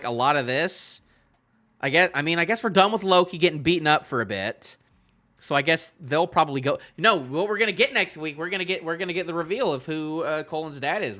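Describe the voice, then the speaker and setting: A man hosting a reaction video in casual solo commentary, rambling and filling his talk with "you know", often trailing off in a low-key way. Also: bright, forceful tone. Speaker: manga reaction channel host.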